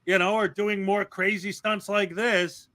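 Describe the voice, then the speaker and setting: A man's voice: high-pitched, level tone, unhurried, bright, forceful tone. A man hosting a casual commentary livestream, ranting sarcastically and rambling into long stories. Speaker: livestream host.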